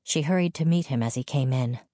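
An audiobook narrator, a woman with an extremely low voice, reads a novel aloud in scripted narration, keeping an even, measured storytelling pace. The recording is dry and studio-clean.

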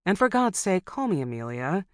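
A woman's voice: lowish voice, big pitch swings, normal speed, no echo, studio quality, voice pushed up. A narrator voicing a famous woman pilot, frank, direct and breezy. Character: famous woman pilot, blunt and plain-spoken. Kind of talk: audiobook character voice.

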